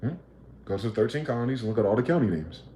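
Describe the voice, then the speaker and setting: A man rants on a livestream, swearing freely and pressing listeners with combative rhetorical questions. His voice sits in a mid range with a dark, mellow tone, and his room gives it a noticeable echo. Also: medium pitch, expressive, racing, a little hiss or hum. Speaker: livestream host. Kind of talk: ranting livestream monologue.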